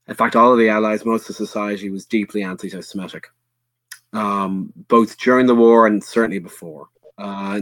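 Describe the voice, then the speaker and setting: An Irish man talks history on a podcast in a low, dry voice. He speaks with earnest bluntness, stops and restarts a lot, and swears now and then. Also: a bit bright, dry recording. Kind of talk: casual history discussion.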